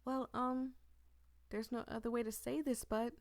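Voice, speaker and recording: A woman reading the lines of a calm, gentle young woman facing death in a visual novel, in her own soft voice. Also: fairly high pitch, measured pace, dry recording, studio quality, voice pushed up. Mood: tender.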